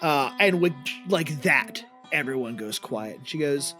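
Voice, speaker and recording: A man's voice: on the high side, expressive, a little slow, hardly any pauses, pushed and bright, faint music behind. A man narrating as dungeon master, rambling with many ums and restarts. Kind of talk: narrating a tabletop game.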